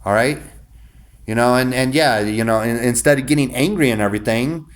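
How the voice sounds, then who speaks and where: A man's voice: medium pitch, brisk. A man delivering a casual, rambling monologue to his viewers, cursing freely and restarting his sentences often. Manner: rambling, profane, many restarts. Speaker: vlogger.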